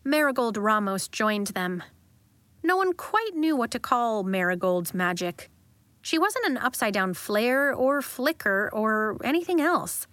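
A woman narrates a children's audiobook in a calm, measured way. Her voice sits somewhat high and her pace is slow, recorded close and dry. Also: no echo.

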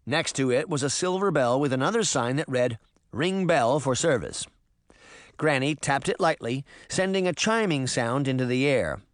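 A man narrating a story as an audiobook, with expressive storytelling. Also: mid-range voice, moderate pace, hardly any pauses, dry recording, clean studio sound.

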